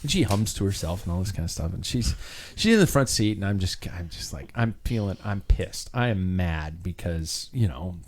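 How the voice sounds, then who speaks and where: A man's voice: low voice, sing-song, moderate pace, hardly any pauses, darkish tone. A man hosting a casual cycling chat, telling a rambling story with many restarts and fillers. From United States.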